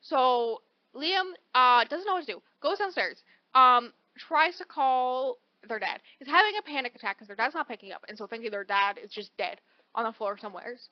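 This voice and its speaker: Summarizing a story with lots of energy, a podcast co-host performs the characters' quotes at a moderate pace. Her voice is on the high side, and the audio is dull with no echo.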